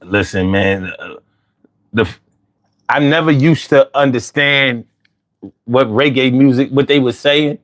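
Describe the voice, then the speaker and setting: A man hosting a casual chat, telling stories with lots of swearing and putting on high voices when he quotes himself. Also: unhurried, long pauses. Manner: animated storyteller, swears freely, jumps into high voices for quotes. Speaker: host.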